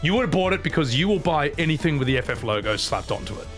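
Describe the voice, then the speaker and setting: A man's voice: fairly high pitch, big pitch swings, quick pace, faint music behind. A man streaming a video game and ranting sarcastically about the series, swearing freely between bursts of laughter. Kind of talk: casual game commentary.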